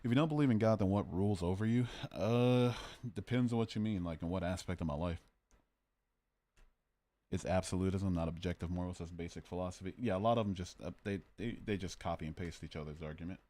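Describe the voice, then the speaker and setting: A man's voice: low voice, brisk, warm tone. A man hosting a casual livestream, arguing about morality and joking as he reads out his chat. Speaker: livestream host.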